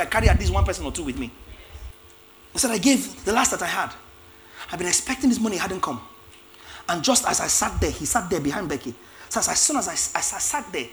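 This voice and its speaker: A man preaching a lively sermon, acting out biblical characters with shouts and laughs. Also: high-pitched, slight background noise.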